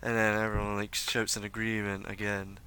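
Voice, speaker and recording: A man's voice: on the low side, completely flat delivery, a little fast, sharp tone, clean tone. A man narrating as game master of a tabletop game, rambling with many fillers.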